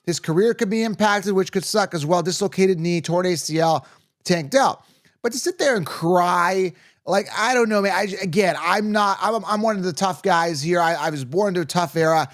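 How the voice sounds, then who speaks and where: A man with a slightly raised pitch hosts a fantasy football show in a casual, straight-talking way. He gives blunt, opinionated takes to his viewers. He keeps checking in with "okay?" and "right?" as he goes. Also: normal speed. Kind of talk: casual sports commentary to camera.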